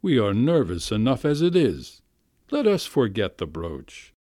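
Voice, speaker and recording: Man doing a smooth-talking household doctor, honeyed, soothing, low voice. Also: huge pitch swings, unhurried, warm tone, no room sound, studio quality.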